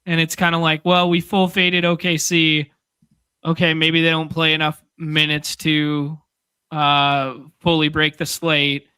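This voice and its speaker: A man's voice: a little high, monotone, a little slow, pushed and bright, smooth, no room sound. A man co-hosting a podcast, casually chatting through fantasy sports picks and thinking aloud. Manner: rambling, restarts while thinking aloud. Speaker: podcast co-host.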